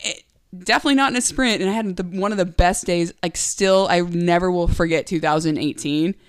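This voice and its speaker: A woman's voice: lowish voice, fairly quick, clean tone, no room sound, studio quality. A woman in her thirties, a guest on a podcast, telling race stories in a bubbly way, laughing often and acting out what people said. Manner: bubbly, laughing, acts out quotes. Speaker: guest, pro gravel cyclist. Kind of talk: casual interview storytelling.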